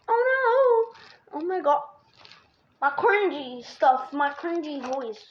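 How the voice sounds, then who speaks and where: A woman's voice: sits high, expressive, very slow, long pauses, lo-fi sound. A woman chatting casually to her viewers in a playful, giggly way, full of jokey asides. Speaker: vlogger. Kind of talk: casual rambling chat to camera.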